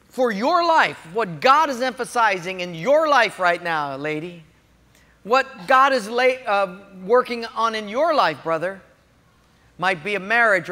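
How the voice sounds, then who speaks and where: A man preaching a sermon, telling a story in an animated way and acting out the quotes. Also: high-pitched, in a large hall. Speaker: pastor.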